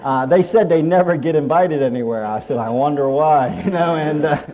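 A man's voice: a little high, fairly quick, highs cut off, slight background noise. A middle-aged man preaching a humorous sermon, telling folksy stories and jokes as he talks. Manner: folksy storytelling with jokes and chuckles. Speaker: pastor.

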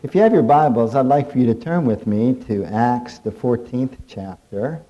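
Middle-aged guy preaching, folksy funny stories, warm mellow voice. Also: medium pitch, normal speed, muffled recording. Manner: folksy storytelling with jokes and chuckles. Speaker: pastor. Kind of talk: humorous sermon.

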